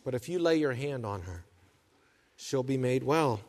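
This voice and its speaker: A man's voice: medium pitch, expressive, normal speed, a little mellow, in a large hall. A man preaching a sermon, reading scripture and voicing anguished questions with earnest intensity. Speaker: pastor.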